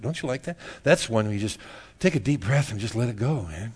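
A man's voice: medium pitch, animated, brisk, few pauses, breathy edge. A middle-aged male pastor giving a casual, joking sermon, laughing often and tagging "man" onto his sentences.

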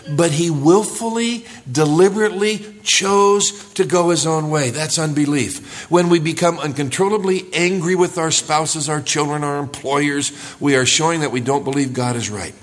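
Man, pastor, sermon in church, earnest preaching, shifting loud and soft. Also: fairly high pitch. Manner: earnest preaching, rising for emphasis and dropping to quiet.

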